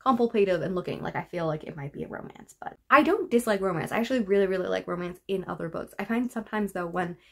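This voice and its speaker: A woman's voice: on the low side, expressive, quick pace, gravelly, few pauses, a bit bright. A woman vlogging about books in a casual chat to camera, rambling and wry as she runs through a list of titles. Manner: chatty, rambling and wry, lists book titles. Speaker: book vlogger.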